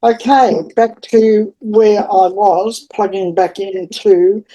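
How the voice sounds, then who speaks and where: A woman with a soft, warm voice gives a spiritual reading in an unhurried, wandering way. She speaks affectionately to her listeners and calls them her darlings. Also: mid-range voice, fairly even intonation, poor audio. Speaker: psychic tarot reader.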